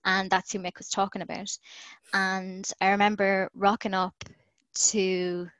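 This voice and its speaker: A woman's voice: medium pitch, flat delivery, unhurried, a bit bright, no echo, low-quality recording. An Irish woman in her thirties talks as a podcast guest, chatty and easy, often laughing and acting out lines she quotes. Her voice sits in a middle register. The recording is dry, from a remote call. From Ireland. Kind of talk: casual storytelling in an interview.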